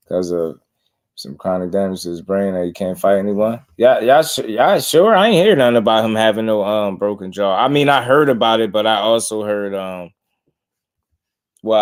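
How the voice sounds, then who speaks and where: Boxing stream host, male, lowish voice, loose slangy banter, laughs a lot while reading chat. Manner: slangy, laughing, riffing on viewer comments. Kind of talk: casual livestream chat.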